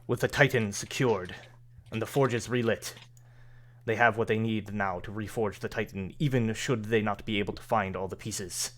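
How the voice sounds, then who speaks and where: A man voicing a cold, scornful male villain lord who gives orders in a low, hushed voice. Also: fairly even intonation, normal speed, lightly acted. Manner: cold, contemptuous, commanding.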